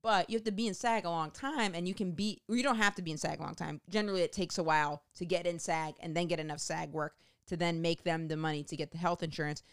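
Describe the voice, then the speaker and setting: A woman telling a rambling, profane comic story in a casual monologue, going off on animated tangents. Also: lowish voice, quick pace, hardly any pauses, clear, resonant tone, no room sound, studio quality.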